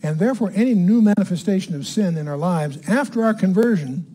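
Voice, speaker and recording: An older man teaching the Bible verse by verse in a conversational way, reading scripture slowly with emphasis and putting quick questions to his listeners. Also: high-pitched, expressive, warm tone.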